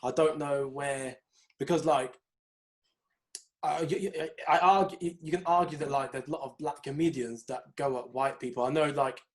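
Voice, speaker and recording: Young man, slightly high voice, earnest, hesitant, podcast co-host. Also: fairly even intonation, normal speed. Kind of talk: casual chat.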